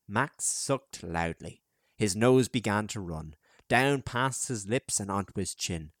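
A man narrating a children's adventure audiobook in a measured, expressive storytelling manner. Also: on the low side, no room sound, studio quality. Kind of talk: scripted narration.

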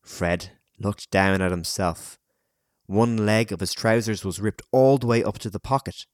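A man narrating an audiobook chapter in a measured, dramatic storytelling manner. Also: fairly low pitch, dry recording, clean studio sound.

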